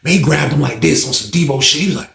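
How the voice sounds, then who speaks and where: Gravelly man telling a rowdy story. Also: a little high, fast, reverberant. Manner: animated, slangy, acts out scenes. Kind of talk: casual storytelling.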